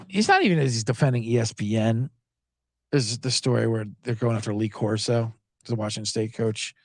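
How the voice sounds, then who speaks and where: A man's slightly fast voice comes through clean studio sound with no room noise as he hosts a live sports podcast out of Los Angeles. He rants sarcastically and casually, full of animation, regularly impersonating others in a high, raised voice.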